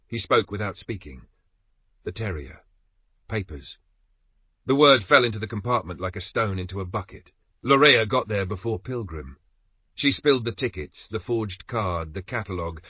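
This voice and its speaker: Low husky male audiobook narrator. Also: dry recording. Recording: dry, slightly dull recording.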